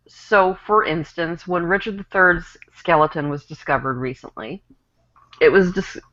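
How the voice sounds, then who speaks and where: A woman on a casual online panel, explaining a topic in a wry, measured way over a video call. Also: deep voice, pushed and bright, lo-fi sound.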